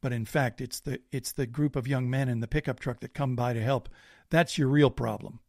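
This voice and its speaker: A man who is a guest on a podcast, telling a personal anecdote in a lively, self-deprecating way. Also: mid-range voice, fairly quick, gravelly, dry recording, studio quality. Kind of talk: casual storytelling.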